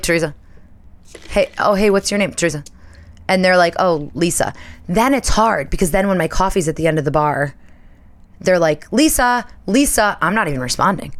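A woman hosting a casual solo podcast, telling stories in a chatty, animated way with quick asides. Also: on the low side. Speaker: podcast host.

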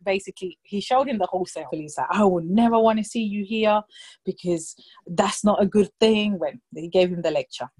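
A woman in her thirties telling a story in casual chat, lively and anecdotal, slipping into quoted voices for the people in it. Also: mid-range voice, normal speed, husky. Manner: lively anecdotal storytelling, quoting others in brief put-on voices.

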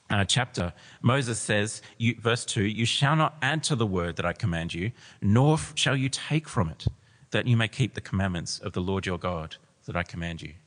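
Emphatic low-voiced male preacher in a hall. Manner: emphatic, reads scripture with rising intensity. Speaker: pastor. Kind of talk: sermon with scripture reading. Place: church hall. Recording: long hall reverb.

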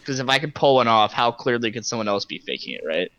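A man's voice: mid-range voice, animated, fast, a bit bright, dull audio. A man in casual chat, joking crudely and laughing often.

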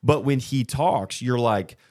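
Animated man hosting a podcast. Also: medium pitch, a little slow, no room sound, clean studio sound. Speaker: podcast host. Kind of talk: casual chat.

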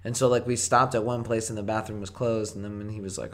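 A man's voice: fairly low pitch, fast, few pauses. A young man co-hosting a podcast, telling a rambling, profane story in casual chat. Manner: rambling, swearing, animated quoting. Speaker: podcast co-host.

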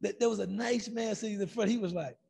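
A man's voice: high voice, quick pace, vocal fry, slightly rough. A man giving an Islamic lecture, telling stories animatedly and acting out quoted lines. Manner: animated storytelling, acts out quotes.

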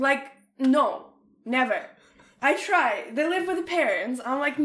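A woman's voice: high-pitched, moderate pace. A woman in her late twenties from Ukraine, telling stories in a casual chat, acting out quotes with swearing and lots of laughter. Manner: animated storytelling with acted-out quotes, swearing, frequent laughter. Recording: roomy echo.

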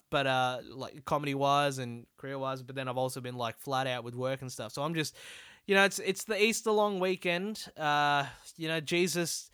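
A man's voice: fairly high pitch, a bit bright, clean tone, no echo, studio quality. A young Australian man hosting a solo comedy podcast, rambling and swearing as he mocks himself. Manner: rambling, sweary and self-deprecating. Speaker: podcast host.

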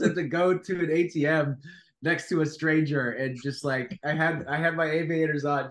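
A man's voice: on the high side, steady tone, normal speed, fairly bright tone. A middle-aged man co-hosting a podcast in casual chat, rambling with many stammered restarts. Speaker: podcast co-host.

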